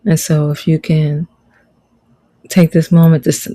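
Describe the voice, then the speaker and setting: A woman's voice: sits low, flat delivery, measured pace, pauses often, warm tone, low-quality recording. A middle-aged woman life coach teaching a motivational online lesson, preaching and repeating her key phrases for emphasis.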